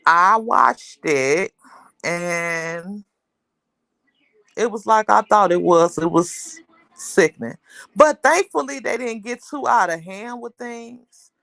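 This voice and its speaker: Chatty woman with vocal fry. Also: medium pitch, animated, takes it slowly, fairly bright tone, no room sound, studio quality. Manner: rambling and chatty, greets viewers. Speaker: livestream host. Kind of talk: casual livestream chat.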